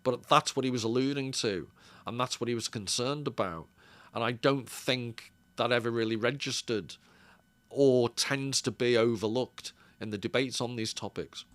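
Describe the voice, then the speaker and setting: A man giving thoughtful, unscripted commentary as a video essayist, pausing to correct and qualify himself as he goes. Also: mid-range voice, fairly bright tone, dry recording. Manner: thoughtful, measured, hedging with self-corrections.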